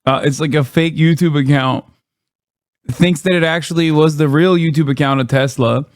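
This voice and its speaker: A man's voice: on the high side, steady tone, normal speed, no echo, clean studio sound. A man live-streaming, ranting in blunt, profane casual commentary and mocking what he reacts to.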